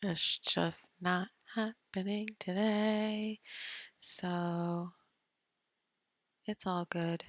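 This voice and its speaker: A woman's voice: lowish voice, fairly even intonation, extremely slow, pauses often, fairly bright tone, dry recording, clean studio sound. A woman hosting an astrology live stream, chatting casually and muttering half-whispered asides to herself while she fixes her screen sharing. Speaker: astrology show host.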